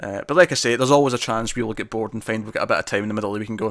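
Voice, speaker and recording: A man's voice: fairly low pitch, very fast, a bit bright, no echo, studio quality. A Scottish man co-hosting a TV review show, chatting casually and rambling, laughing often.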